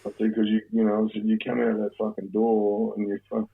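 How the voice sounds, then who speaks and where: An Australian man, a guest on an interview show, telling stories in a relaxed, rambling way and swearing freely. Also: on the low side, quick pace, vocal fry, slightly rough. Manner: relaxed, profane, rambling storyteller. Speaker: guest, former bank robber. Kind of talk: casual storytelling interview. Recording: narrow phone-like sound.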